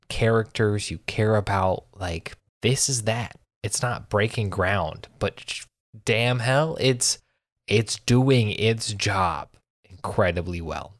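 A young man co-hosting a podcast, recapping and judging an anime in animated, swearing casual talk. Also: on the low side, no room sound, studio quality. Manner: animated storytelling, swears, laughs often.

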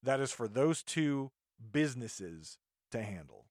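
In a measured, slightly mellow, medium-pitched voice with big pitch swings, a man hosting a podcast rants indignantly and rambles, often restarting sentences. The recording has no room sound and is studio quality.

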